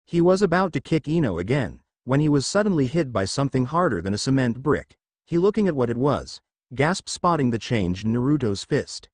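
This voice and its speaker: A man reading fanfiction aloud as a narrator, in a steady read-aloud delivery. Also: medium pitch, fairly quick, dry recording, studio quality.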